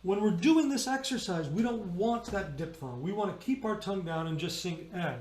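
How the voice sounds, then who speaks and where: A man's voice: sits high, animated, normal speed, darkish tone, roomy sound. A man leading an online choir rehearsal, patiently explaining vowels and singing them as he demonstrates. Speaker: choir director.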